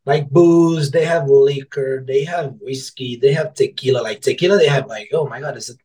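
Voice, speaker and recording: With poor audio, a medium-pitched man speaks at a normal pace as he's interviewed on a podcast about his life as an author. His storytelling is casual and animated, with loose, rambling sentences, restarts, and free swearing. He acts out the words of coworkers and customers.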